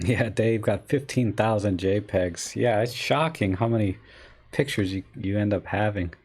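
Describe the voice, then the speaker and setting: A man's voice: on the low side, normal speed, a little mellow, husky. A middle-aged man hosting a casual live photography chat, rambling and telling stories with many fillers. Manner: rambling, chatty storytelling with fillers. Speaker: live stream host.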